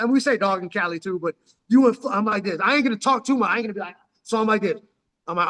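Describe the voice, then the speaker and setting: A man's voice: high-pitched, racing, pushed and bright. A man from San Diego, telling rambling street stories into his phone in profane slang, calling the listener "dog" constantly. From San Diego, California. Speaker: vlogger telling life stories. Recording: long hall reverb.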